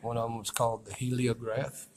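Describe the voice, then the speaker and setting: A man narrating casually as he films his walk through a museum, rambling and folksy and quick to complain. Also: medium pitch, flat delivery, background noise. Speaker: vlogger touring a museum. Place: indoor museum.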